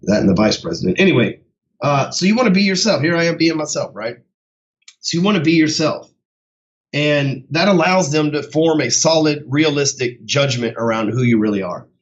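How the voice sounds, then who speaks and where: A man's voice: on the high side, expressive, moderate pace, highs cut off. A man who coaches sales, giving a casual motivational talk in a blunt, heavily profane way.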